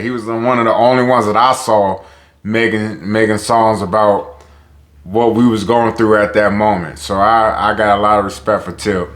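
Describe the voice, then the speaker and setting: A man's voice: steady tone, a little fast, a bit bright. A man with a Tidewater Virginia accent, talking casually and profanely in a loose vlog monologue. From Newport News, Virginia. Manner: loose and profane, heats up with rising pitch on social topics. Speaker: vlogger.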